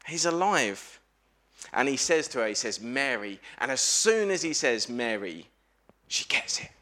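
A man giving a lively family sermon in church, telling a story and asking the congregation questions. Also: fairly high pitch, normal speed. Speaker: preacher at a family service. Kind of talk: lively all-age sermon with questions to children.

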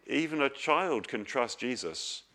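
A man's voice: mid-range voice, lively intonation, unhurried, sharp tone. A middle-aged man preaching a sermon, earnest and questioning, with homely stories.

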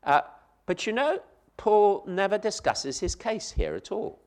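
A man's voice: high-pitched, big pitch swings, measured pace, a little mellow. A man preaching a sermon, emphatic, repeating key phrases and speaking straight to his listeners. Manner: addresses the listeners directly.

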